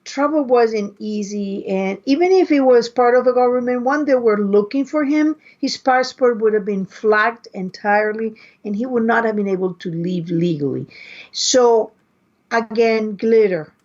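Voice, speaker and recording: Woman podcast co-host, high voice, slow, halting delivery, muffled lo-fi sound. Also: a little mellow. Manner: hesitant, restarts often while arguing a point. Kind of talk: casual chat. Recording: dull lo-fi podcast audio.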